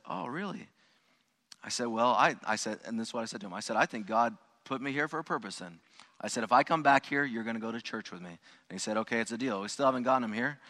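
Bright-voiced pastor in a reverberant hall. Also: male voice, mid-range voice. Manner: conversational, many restarts and asides to the congregation. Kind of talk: storytelling sermon. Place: church sanctuary.

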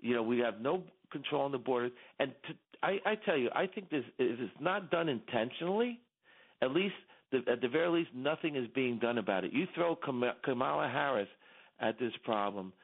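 A man speaks through a thin, tinny phone line. He talks as an emphatic guest, repeating his points and lifting his voice when stirred. His pitch sits in an ordinary middle range. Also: lively intonation, a little fast. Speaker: company executive, radio guest. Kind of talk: impassioned call-in commentary. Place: home in Texas.

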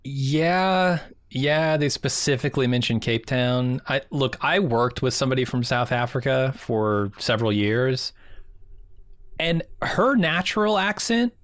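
A man in mid pitch, chatting casually as a podcast co-host. His voice is wry and conversational, recorded close and dry with no room sound. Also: lively intonation, measured pace, fairly bright tone, dry recording. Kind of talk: casual chat.

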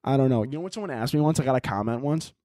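A man's voice: medium pitch, expressive, racing, noisy background. A young man hosting a podcast on his own, rambling and joking with a lot of swearing in casual chat. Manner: profane, rambling, jokey. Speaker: podcast host.

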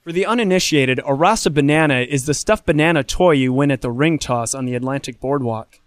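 A man hosting a live podcast panel, chatty and quick to laugh, asking the audience questions. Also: medium pitch, no echo. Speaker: podcast host and game publisher.

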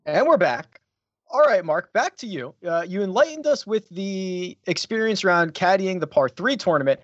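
A man's voice: high-pitched, animated, moderate pace, no room sound, muffled recording. A man hosting a podcast casually, handing over to a guest with a prompting question. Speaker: podcast host. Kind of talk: casual chat.

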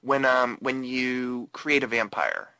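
A man hosts a loose movie-discussion podcast and talks through the plot with plenty of hesitations. His voice is bright and forceful. The sound is dry and close, with no room echo. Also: medium pitch, takes it slowly. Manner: laughs often, recaps plot with loose hesitations. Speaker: podcast host. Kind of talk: casual movie-discussion chat.

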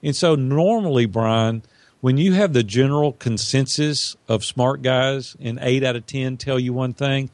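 Gravelly-voiced man telling a story. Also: medium pitch, a little slow, no echo. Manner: earnest, animated storyteller who acts out quotes. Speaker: guest. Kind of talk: storytelling in an interview.

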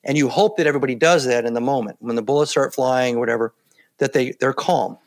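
A former Navy SEAL guest in his later years, speaking in a calm, plainspoken way as he tells stories in an interview. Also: medium pitch, fast. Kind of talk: casual interview talk.

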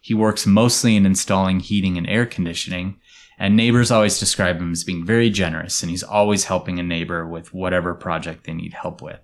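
A storytelling host with a very low voice talks briskly to his co-hosts during a laid-back podcast chat. His relaxed, explanatory delivery sometimes sinks into hushed side remarks, and the setting sounds like a casual studio conversation.

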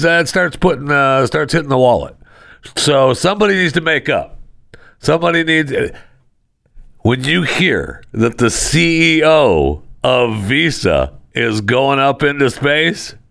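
A man's voice: on the high side, expressive, unhurried, vocal fry, fairly bright tone, dry recording, studio quality. A man hosting a sarcastic news commentary show, talking with mocking, sardonic asides. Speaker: host.

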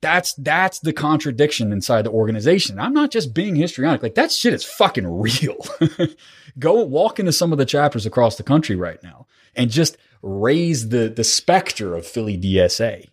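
A man's voice: medium pitch, sing-song, moderate pace, breathy edge. A man hosting a political podcast, talking in an impassioned, rambling way and swearing often. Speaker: podcast host. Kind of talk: casual political chat.

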